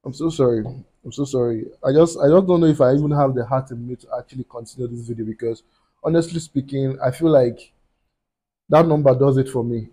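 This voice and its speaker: A man's voice: medium pitch, warm tone. A young man from Nigeria hosting a reaction video, emotional and apologetic, repeating his words as he talks.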